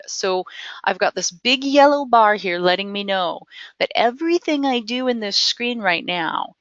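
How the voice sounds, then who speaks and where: A woman leading a live software training webinar, chatty and enthusiastic, with frequent ums and restarts. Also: mid-range voice, animated, moderate pace, dry recording. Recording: dry, slightly dull web-call audio.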